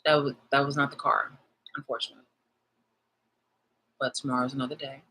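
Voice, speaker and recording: A woman's voice: very deep voice, little pitch movement, fairly quick, pushed and bright, slightly rough, low-quality recording. A woman ranting on a live stream. She is agitated and swears often, repeating phrases for emphasis. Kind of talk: live-streamed personal rant.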